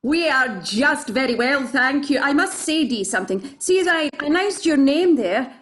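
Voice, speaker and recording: A woman's voice: sits high, animated, normal speed, a bit bright. A woman playing a cheeky Scottish chat-show co-host who banters with teasing innuendo over a video call.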